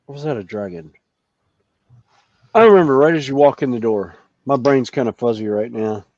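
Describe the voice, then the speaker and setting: A man's voice: mid-range voice, lively intonation, normal speed, darkish tone, no echo. A man chatting casually in a hobby group, rambling and chuckling often. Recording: dull, dry lo-fi sound.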